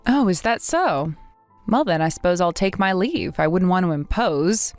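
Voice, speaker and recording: A woman's voice: fairly low pitch, expressive, normal speed, no echo, soft background music. A young woman narrating and acting the lead in a dramatized story, speaking in a firm, indignant way.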